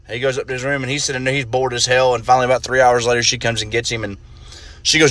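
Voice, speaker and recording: A man telling a joke expressively, acting out the characters' voices. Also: rapid-fire. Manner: expressive, acts out voices with big pitch jumps. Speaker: joke teller.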